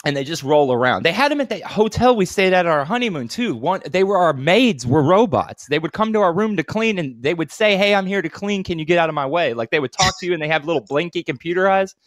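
A podcast co-host in casual chat, this man speaks fairly quickly at a fairly high pitch with hardly any pauses. The sound is clean studio quality without echo, and he tells stories animatedly, swearing a lot and acting out voices.

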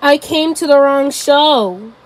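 A woman voicing a worried little lady in a storybook tale, speaking softly and hesitantly with many ums. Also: high voice, slow, voice pushed up, rough recording.

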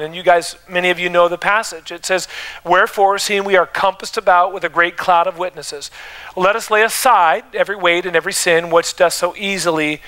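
A man's voice: sits high, bright, forceful tone, low-quality recording. A man pastor preaching a sermon in a church, calling out questions to the congregation and building emphasis. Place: church sanctuary.

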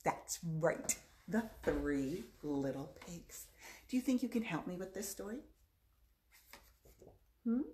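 A woman's voice: fairly low pitch, animated, slow, long pauses, a little mellow, slight background noise. A woman children's librarian leading a playful storytime for young children, with songs and a story in a library. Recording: echoey room.

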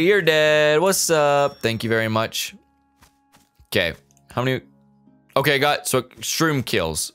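A man's voice: mid-range voice, fairly bright tone, clear, resonant tone. Joking man narrating his gameplay. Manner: jokey, talks to game characters. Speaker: let's play gamer. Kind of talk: casual gameplay commentary.

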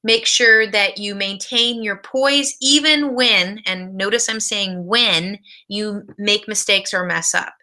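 A woman's voice: medium pitch, takes it slowly, hardly any pauses, bright, forceful tone. A woman teaching a college speech class in a recorded video lecture, giving direct practical tips.

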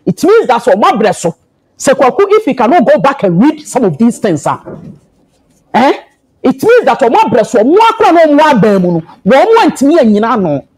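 On a heated TV panel debate in a studio, a Ghanaian woman who serves as a party executive argues with impassioned emphasis. Her voice sits high with a darkish, breathy quality, and the audio is poor.

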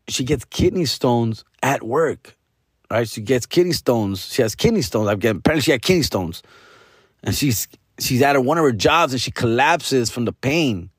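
A man's voice: mid-range voice, slightly rough, dry recording, studio quality. A male comedian hosting a podcast, telling a story in a rambling, profane way, peppering it with Spanish slang. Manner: rambling, restarts often.

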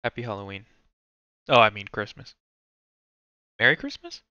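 A man's voice: lowish voice, very animated, moderate pace, sharp tone, no room sound, lo-fi sound. A man talking to himself as he ranks movies, rambling and swearing in casual commentary. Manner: rambling, swearing, self-talk. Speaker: movie ranking streamer. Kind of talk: casual thinking-aloud commentary.

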